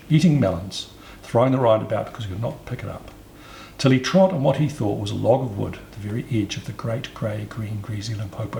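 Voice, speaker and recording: A man reads a storybook aloud in an expressive, sing-song way. His voice is mid-pitched with a creaky grain, and it rings in a roomy space with faint ambience behind. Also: slight background noise.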